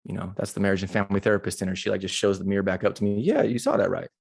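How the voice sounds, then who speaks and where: A middle-aged man giving a motivational talk to a live audience, telling a personal story in an animated, conversational way that turns emotional. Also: low voice, very fast. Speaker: motivational speaker. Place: live retreat session.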